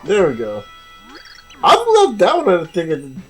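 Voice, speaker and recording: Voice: mid-range voice, huge pitch swings, a little fast, a bit bright, soft background music, poor audio. A let's play commentator chatting casually and rambling through gameplay, self-mocking.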